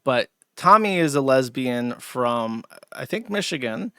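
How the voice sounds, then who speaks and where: A man's voice: medium pitch, expressive, measured pace, bright, forceful tone, clean tone, dry recording. A man hosting a livestream, rambling through crude, sardonic commentary with lots of fillers, close to a desk mic. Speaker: streamer and host.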